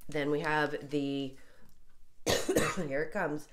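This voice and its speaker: A woman's voice: low voice, steady tone, extremely slow, heavy background noise. A woman tarot reader talking casually through a reading, congested and getting over being sick, chatty with apologetic asides. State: congested, recovering from illness.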